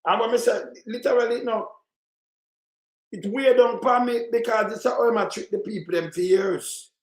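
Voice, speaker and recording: A Jamaican man delivers a heated political commentary in patois, often raising his voice to a shout. His voice sits high for a man. The room around him is echoey. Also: normal speed. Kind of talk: ranting commentary over clips.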